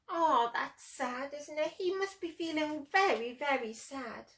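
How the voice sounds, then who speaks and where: A woman reading a picture book aloud to children as a storyteller, gentle and expressive, often asking them questions. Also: high-pitched, slow pace, few pauses. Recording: roomy echo.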